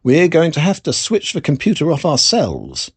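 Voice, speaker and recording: A storyteller voicing a sensible, indignant female Christmas elf in a storybook reading, with a husky, high, urgent delivery. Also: wildly swooping pitch, normal speed, heavily acted.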